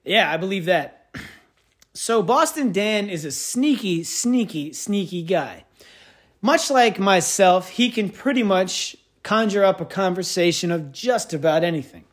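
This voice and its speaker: Wry rambling man, high voice. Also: animated, a little slow. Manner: rambling, wry, self-mocking storyteller with big pitch swings. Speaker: podcast host. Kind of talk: casual monologue.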